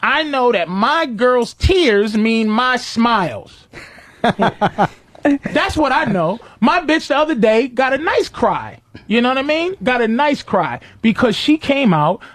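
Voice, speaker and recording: A man's voice: very high voice, sing-song, unhurried, fairly bright tone, dry recording. A man hosting a radio talk show, rambling through a profane, laugh-filled story in a casual studio chat.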